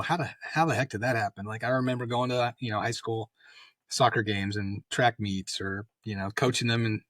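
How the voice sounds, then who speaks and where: A man's voice: on the low side, fairly bright tone, dry recording, clean studio sound. A man in his fifties, a retired army colonel, telling rambling anecdotes full of fillers in a casual interview. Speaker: guest, retired Special Forces colonel.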